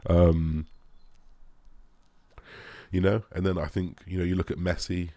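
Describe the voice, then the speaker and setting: A man's voice: sits low, little pitch movement, a little slow, mellow, dry recording. A young man, a bodybuilder, answering viewer questions in a rambling casual chat, full of fillers and the odd swear.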